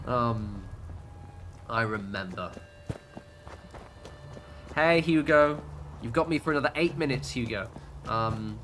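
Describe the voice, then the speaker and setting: A British man chats loosely on a gaming livestream, his voice bright and forward. He wanders through his points with plenty of ums, false starts and casual swearing, over a faint hum of background noise. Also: mid-range voice, expressive, moderate pace. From United Kingdom. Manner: rambling, sweary, many fillers and restarts.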